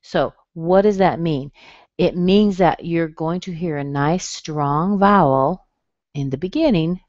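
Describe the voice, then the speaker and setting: An American woman teaching pronunciation in a webinar lesson, speaking slowly and clearly and modeling sounds. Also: low voice, a little mellow, no echo, muffled recording.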